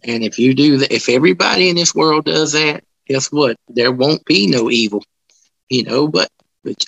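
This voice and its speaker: Gravelly man, rambling and animated. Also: a little high, normal speed, no echo, poor audio. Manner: rambling, with many restarts and colloquial grammar; animated when telling stories. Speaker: interviewee, paranormal investigator. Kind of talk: casual storytelling interview.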